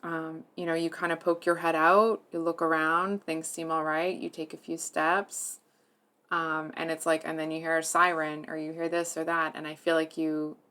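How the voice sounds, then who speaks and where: A woman giving a tarot reading to her viewers, speaking softly and hesitantly, earnest and emotionally moved, with many fillers and restarts. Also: low-pitched, little pitch movement, normal speed, clean tone. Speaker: tarot reader.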